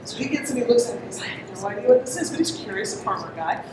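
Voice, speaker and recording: A woman's voice: a little high, animated, rapid-fire. Woman presenter, chatty and interactive, distant mic in a very echoey, noisy hall. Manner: chatty, asks the audience questions, laughs often. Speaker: conference presenter. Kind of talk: interactive storytelling talk to an audience.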